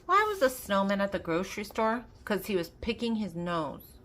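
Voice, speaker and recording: A woman's voice: medium pitch, very animated, moderate pace, a bit bright, a little hiss or hum. An older woman reading a children's joke book aloud, posing riddles and giving the answers, laughing along at the jokes. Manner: reads riddles then answers, laughing at her own jokes.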